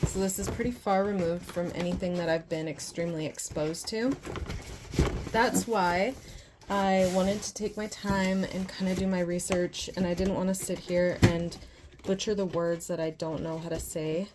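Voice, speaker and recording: A young woman from northern Canada, talking earnestly and carefully through a doll unboxing, with soft whispered asides. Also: on the low side, fairly even intonation, normal speed, background noise. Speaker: doll collector and vlogger.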